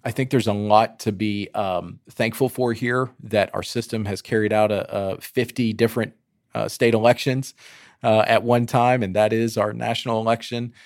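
A man co-hosting a casual roundtable podcast, lively and teasing, with many fillers. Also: lowish voice, normal speed, dry recording, studio quality. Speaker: podcast co-host.

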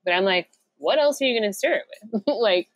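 A woman's voice: medium pitch, expressive, a little fast, dry recording, highs cut off. A woman co-hosting a podcast, reading out trivia with jokes and giggles in casual chat. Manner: jokey, giggly, reads out trivia. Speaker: podcast co-host.

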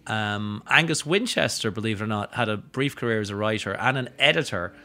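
A man talking as a guest in a casual podcast chat, an animated storyteller whose voice leaps up in pitch when he acts out other people. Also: fairly quick. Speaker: guest, drinks educator and writer. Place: studio table with bottles and glasses.

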